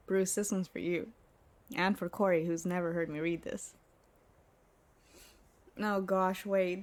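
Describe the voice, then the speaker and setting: A woman game streamer chatting casually with her viewers in a soft-spoken, giggly way. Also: fairly low pitch. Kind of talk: casual live-stream chat.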